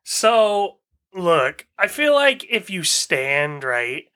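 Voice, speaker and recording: Bright, animated young man. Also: sits high, drawn-out words. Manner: animated, profane, laughs often. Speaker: podcast co-host. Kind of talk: casual chat.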